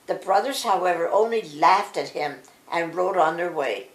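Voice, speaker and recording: An older woman reading a bedtime story aloud, with an expressive storytelling manner. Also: lowish voice, normal speed. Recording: roomy echo.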